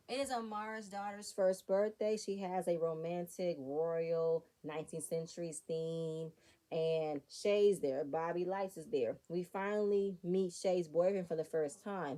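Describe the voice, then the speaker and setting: Woman reviewer, opinionated and sassy, mellow warm voice. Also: lowish voice, steady tone, unhurried. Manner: sassy, opinionated, talks straight to viewers. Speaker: reality TV recap reviewer. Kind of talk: casual commentary.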